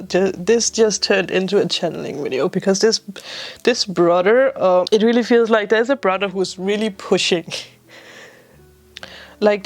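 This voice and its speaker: A woman giving a spiritual tarot reading to her viewers, emotional and teary, laughing through tears as she offers gentle, reassuring guidance. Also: medium pitch. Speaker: tarot reader.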